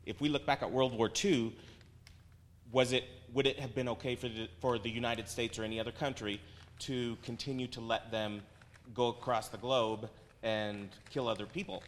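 A man's voice: medium pitch, fairly even intonation, normal speed. Dry, sarcastic man in a reverberant hall. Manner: dry and sarcastic, reasoning aloud. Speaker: congregation member. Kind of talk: casual discussion.

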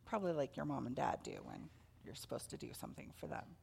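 Woman preacher, children's sermon, gravelly, animated, quizzes the kids. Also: rumbling low, fast talker, a little hiss or hum. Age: adult with children. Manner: animated storytelling with questions to children.

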